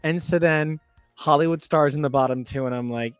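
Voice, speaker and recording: Guy hosting a podcast, rambly animated storytelling, dry close mic. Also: a little high, normal speed, clean tone, dry recording, faint music behind. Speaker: podcast host. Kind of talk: casual chat.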